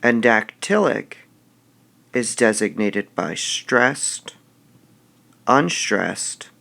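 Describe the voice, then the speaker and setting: A male teacher giving a recorded video lesson, explaining slowly and deliberately and drawing out example words. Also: medium pitch, gravelly, a bit bright.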